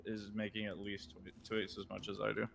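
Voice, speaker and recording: A man's voice: fairly low pitch, monotone, brisk, vocal fry, a bit bright, a little hiss or hum. A man chatting casually with friends about his brother.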